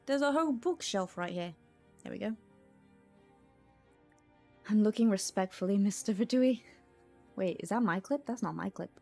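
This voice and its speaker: A woman streaming a game talks through her choices half to herself, in a chatty, easygoing way with quick little laughs. Her voice sits at an ordinary middle pitch, and soft music plays faintly underneath. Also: animated, creaky. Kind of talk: casual gameplay commentary.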